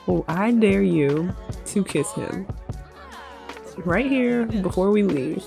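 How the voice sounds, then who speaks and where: A woman's voice: mid-range voice, expressive, slow pace, creaky, music in the background. A woman voicing a pushy young woman friend who teases and eggs her friend on. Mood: teasing. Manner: teasing, egging on.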